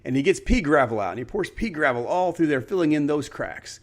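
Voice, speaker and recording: A man's voice: on the high side, lively intonation, fairly quick. Earnest man telling a story. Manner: earnest, storytelling, frequent restarts. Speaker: podcast host. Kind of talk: casual motivational monologue.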